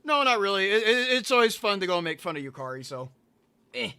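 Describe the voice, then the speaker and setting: A man's voice: high voice, big pitch swings, brisk, sharp tone, smooth. A man streaming a building game, chatting casually with his viewers and muttering to himself as he places blocks. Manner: muttering to himself while building, answering chat. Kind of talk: casual livestream chat while playing.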